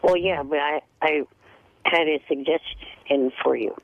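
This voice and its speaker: A man speaks haltingly over a dry, tinny line, starting and restarting his thoughts. His voice is a bit high with a gravelly edge. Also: steady tone, dry recording. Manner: hesitant, halting. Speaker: guest. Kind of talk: casual radio conversation.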